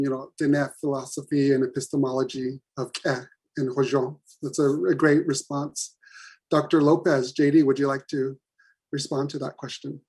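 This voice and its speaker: A man's voice: mid-range voice, darkish tone, husky. A man moderating a webinar panel in a polite, formal way, thanking speakers and passing the floor over a video call.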